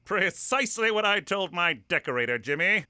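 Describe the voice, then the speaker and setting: A man's voice: high voice, expressive, brisk, sharp tone, clear, resonant tone, heavily acted. An actor voicing a fussy, prim, pompous man who lays down strict house rules. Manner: prissy, precise, pompous.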